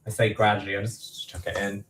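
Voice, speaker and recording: In a very noisy recording, a man with a lowish voice talks fairly quickly in a flat way. He's doing a casual live baking stream from his kitchen in an East London accent, self-deprecating and chatty, saying each quantity aloud again.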